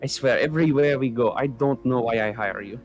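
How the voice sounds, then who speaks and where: A man's voice: medium pitch, brisk, lightly acted. A man playing a pompous noble lord who scolds his hired guide in a haughty manner, with faint music behind. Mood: scolding.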